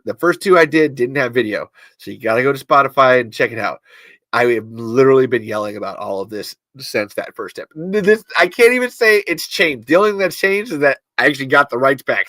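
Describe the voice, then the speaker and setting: A man hosts a casual livestream podcast and reads out viewer comments, his pitch swooping up and down as he talks. His voice is bright and forceful, a little on the high side for a man. The sound is dry and close, with no room echo. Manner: animated, swearing freely, testy and emphatic. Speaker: podcast host.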